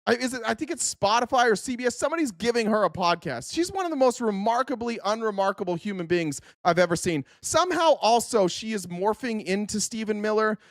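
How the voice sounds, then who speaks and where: A man's voice: high-pitched, lively intonation, brisk, few pauses, dry recording, clean studio sound. An American man hosting a political commentary livestream, ranting in an angry, profane and mocking way.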